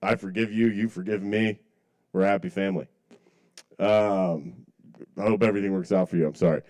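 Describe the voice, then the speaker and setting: A man's voice: low-pitched, steady tone, fairly quick, darkish tone. Man, open mic comedian: rambling, self-mocking stand-up, lots of apologetic asides. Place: small cafe open mic.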